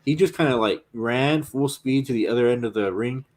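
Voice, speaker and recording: A man co-hosting a podcast in loose, casual chat. He rambles excitedly, piling up fillers and restarts. His pitch sits in an ordinary middle range. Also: normal speed. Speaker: podcast co-host.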